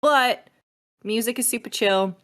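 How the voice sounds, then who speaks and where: A woman chatting as a podcast guest in a lively, loose way, swearing freely and pitching games with enthusiasm. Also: a little slow. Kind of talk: casual podcast chat.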